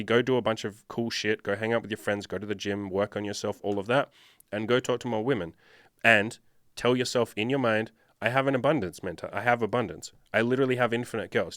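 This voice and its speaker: A man's voice: on the low side, a bit bright, no room sound, studio quality. A man working as a dating coach, answering viewer questions in a blunt, profane, lecturing monologue.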